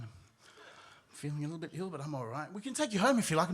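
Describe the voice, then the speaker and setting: A man telling a personal story live on stage, animated, acting out his own panicked reactions. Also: fairly high pitch, rapid-fire, breathy edge. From Australia.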